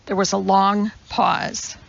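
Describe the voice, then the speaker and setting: A woman narrates a story in a slow, deliberate reading voice with a gravelly, fry-tinged texture. The recording sounds slightly dull and muffled. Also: medium pitch, flat delivery. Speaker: audiobook narrator. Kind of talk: scripted narration.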